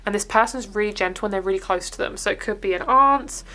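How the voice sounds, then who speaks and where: A young woman with an English accent talks her way through a tarot reading to camera. She is chatty and upbeat and rambles from one thought to the next, with a pitch that sits in the middle for a woman. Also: fast, sharp tone. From England. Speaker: tarot reader.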